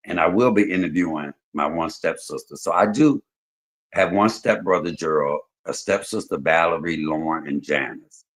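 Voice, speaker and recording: A man hosting a livestream, telling stories in casual chat, swinging between loud and soft. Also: low-pitched. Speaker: livestream host.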